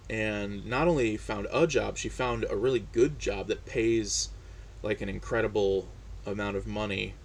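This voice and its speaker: A man's voice: fairly low pitch, a little hiss or hum. A man chatting casually on his own, hesitant and full of fillers and restarts. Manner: relaxed, chatty. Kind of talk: casual personal monologue.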